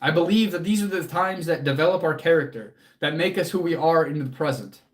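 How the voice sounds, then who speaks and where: A man's voice: fairly high pitch, a little fast. A man hosting a casual livestream as a fitness coach, answering chat in an earnest, motivational way, casually swearing and close to tears.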